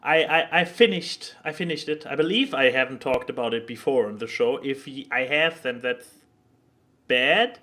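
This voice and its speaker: Bright-voiced man, halting chat. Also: medium pitch. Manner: halting, many fillers and restarts. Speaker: podcast co-host. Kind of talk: casual podcast chat.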